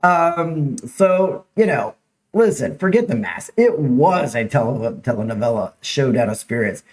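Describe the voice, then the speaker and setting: A man's voice: mid-range voice, expressive, a little slow, a little mellow. A man hosting a casual live-streamed local news show, chatting with viewers and talking over slides. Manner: chatty, upbeat, reads viewer names and slides aloud.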